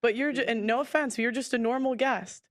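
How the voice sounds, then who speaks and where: A woman hosting a podcast debate, blunt and quick to interrupt, often repeating words as she pushes her point. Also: a little high, no echo, clean studio sound. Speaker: podcast host. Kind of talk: heated debate.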